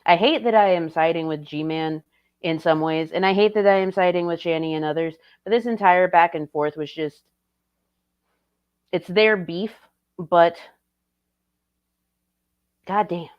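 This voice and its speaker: A woman's voice: on the low side, unhurried, long pauses, muffled recording. A woman streamer reacting to a video in casual, blunt and profane commentary. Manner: blunt and profane, laughs often.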